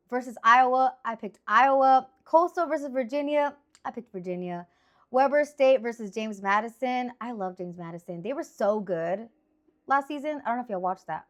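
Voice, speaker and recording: Chatty, animated woman in her thirties. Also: a little high. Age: 30s. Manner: animated, rambling, exclamatory. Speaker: sports picks host. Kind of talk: casual chatty sports picks.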